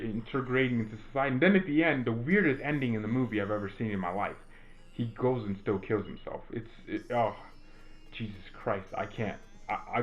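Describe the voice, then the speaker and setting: This gaming streamer and fan commentator is a teenage boy from the US. His voice sits in the mid range and the recording has its highs cut off. He rambles through a casual chat while gaming, full of fillers and false starts.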